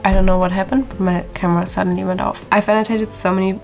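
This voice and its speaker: A woman's voice: mid-range voice, little pitch movement, fast talker, gravelly, over loud music, rough recording. A young woman vlogging her reading day in a chatty, gushing way, tired and a little sleepy. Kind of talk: casual reading vlog.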